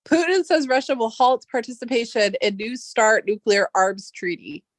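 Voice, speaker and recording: A woman's voice: fairly high pitch, moderate pace, dry recording. A woman vlogger ranting casually and heatedly, swearing often and rambling with restarts.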